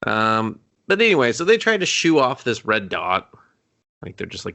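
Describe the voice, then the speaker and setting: A man's voice: fairly low pitch, lively intonation, moderate pace, gravelly, pushed and bright. A man co-hosting a movie podcast, retelling scenes in casual chat with mocking voices, swearing and laughing. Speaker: podcast co-host.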